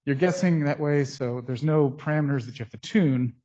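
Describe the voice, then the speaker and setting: A man giving a conference lecture on his research, speaking in a technical, halting way with frequent pauses, into a microphone. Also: a little high, warm tone. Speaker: scientist presenting research. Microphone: speaking into a mic. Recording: dull, muffled through a face mask.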